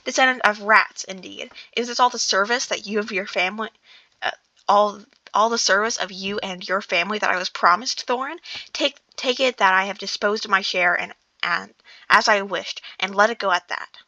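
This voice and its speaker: A woman's voice: mid-range voice, moderate pace, bright, forceful tone, no echo. A woman reading the lines of a small, fretful, polite male hobbit, fussy and stumbling, with a dull lo-fi sound.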